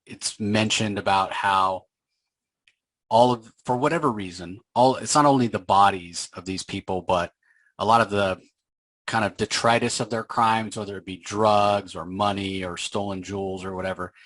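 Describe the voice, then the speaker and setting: Casual comic podcast host, male, low-ish voice, dry close recording, animated recapper. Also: no echo. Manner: animated retelling, acting out characters' lines in quick voices. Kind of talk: casual comic book discussion.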